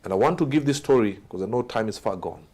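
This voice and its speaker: A low, husky-voiced man tells a motivational story. His delivery is dramatic, swinging from loud, pressing lines to hushed asides. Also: expressive, fast talker. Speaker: guest speaker.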